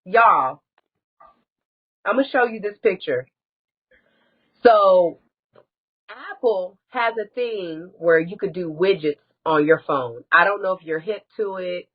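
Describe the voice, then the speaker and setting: A woman speaks as a live-stream guest with a husky, breathy voice, talking candidly and bluntly and swearing freely. The audio is dull and lo-fi, typical of a streamed chat. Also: lowish voice, slow pace, pauses often. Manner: candid, blunt, swears often, rising to crying outbursts. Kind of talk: emotional personal story on a live stream.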